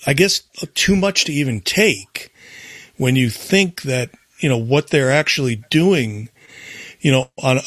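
Male call-in host, rambling and halting; mid-pitched, dry. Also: fairly bright tone, no echo. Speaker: talk show host. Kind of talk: casual call-in chat.

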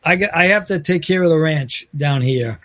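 A man with a New England accent co-hosting a podcast, speaking in a slow, halting, hesitant way. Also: fairly high pitch, fairly bright tone. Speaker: co-host. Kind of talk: casual podcast chat.

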